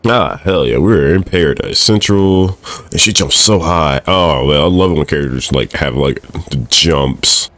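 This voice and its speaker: A young man casually commentating his own gameplay, excitable and swearing at the screen. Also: a bass voice, normal speed, dry recording, faint music behind. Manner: excitable, swears and laughs often, talks to the screen. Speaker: gaming streamer. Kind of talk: let's play commentary.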